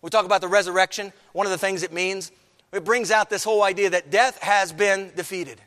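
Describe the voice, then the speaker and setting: A man preaching a sermon to his congregation, swinging between quiet, low passages and raised, emphatic ones. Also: steady tone, fairly quick, long reverb tail. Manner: preaching, rising and falling with emphasis, addresses the congregation. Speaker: pastor.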